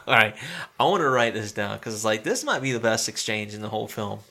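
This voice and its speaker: A man in his forties with a gravelly yet bright voice chats casually about a movie. He laughs often, curses freely, and slips into quoted lines as he tells it. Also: fairly low pitch, expressive, fast talker. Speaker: podcast co-host. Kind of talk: casual movie review chat.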